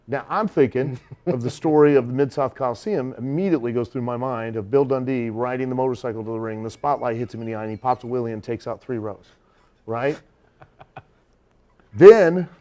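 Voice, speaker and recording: A middle-aged man, a wrestler, telling a long anecdote in a casual interview, animated and laughing often. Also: medium pitch, a little fast.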